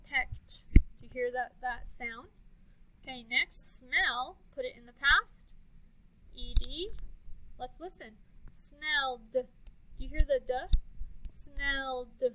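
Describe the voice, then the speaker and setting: Slow, high-voiced woman teacher. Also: bright, forceful tone, a little hiss or hum, rough recording. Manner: slow, clearly sounded-out words with counting pauses. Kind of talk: early reading phonics lesson.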